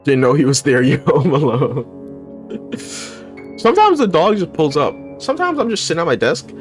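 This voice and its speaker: A man's voice: fairly high pitch, very animated, normal speed, faint music behind. A man chatting casually with viewers on his live stream, joking and swearing freely.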